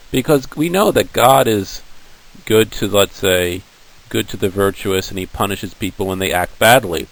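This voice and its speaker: Casual male teacher, deep voice. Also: normal speed, creaky, a bit bright, poor audio. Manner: casual, conversational storytelling. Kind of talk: classroom lecture.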